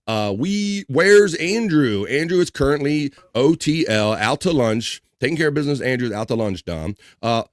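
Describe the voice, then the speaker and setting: A man hosting a casual livestream, reading out viewer comments with loose, joking shout-outs and easy laughs. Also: medium pitch, animated, normal speed, few pauses, no room sound, studio quality. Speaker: livestream host.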